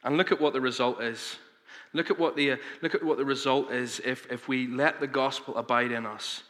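A man's voice: medium pitch, steady tone, brisk, a bit bright. A man preaching a sermon as pastor, earnest and emphatic, with frequent fillers and restarts. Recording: long reverb of a large hall.

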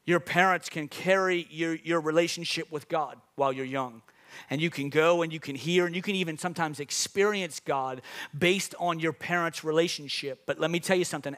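A man's voice: a little high, a bit bright. A man preaching a sermon, exhorting his listeners with repeated phrases and calls to the audience. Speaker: pastor.

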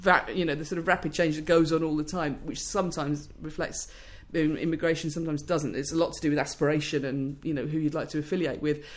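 Researcher guest, woman, low voice, thoughtful, fluent, many restarts. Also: fairly even intonation, fast talker, few pauses. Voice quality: low-pitched voice. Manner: thoughtful, fluent with frequent restarts and "you know". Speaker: speech scientist guest. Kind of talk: interview, explaining research.

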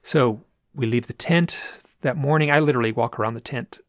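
A man's voice: medium pitch, a little fast, no echo, studio quality. A man telling a personal story in a casual, rambling way, with restarts and repeated phrases. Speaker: guest telling an experience.

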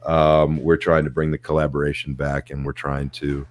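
A man's voice: a bass voice, monotone, normal speed. A man co-hosting a podcast in casual chat, upbeat as he plugs the show. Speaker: podcast co-host.

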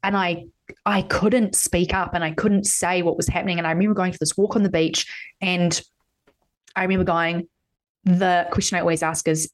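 A woman's voice: fairly low pitch, little pitch movement, fairly quick. A woman hosting a podcast, chatting candidly and swearing freely as she tells personal stories. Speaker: podcast host. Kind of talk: casual podcast chat.

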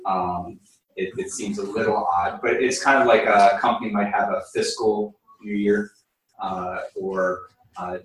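A man with a lowish voice leads a Bible study class, chatting loosely and stopping often for an um or a restart. He is picked up from across a very echoey room, with faint noise behind. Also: far from the mic. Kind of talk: casual class teaching. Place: room with a group, also streamed online.

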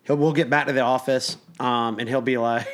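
A man in his thirties with a drawl trades stories with friends on a podcast. He talks in easy, casual turns and slips into his father's voice with relish. His pitch sits in an ordinary middle range. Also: brisk. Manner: animated storyteller doing his dad's voice. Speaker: podcast co-host. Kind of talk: casual chat.

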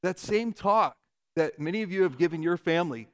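A man in his thirties, a pastor giving a conversational sermon and telling stories with lively shifts in volume. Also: sits high. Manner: conversational, animated storytelling with quick shifts in loudness.

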